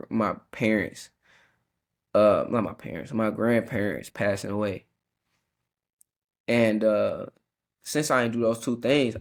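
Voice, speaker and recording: A young man hosting a faith podcast, reflecting in a casual, slangy way with frequent restarts and self-corrections. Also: lowish voice. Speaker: podcast host.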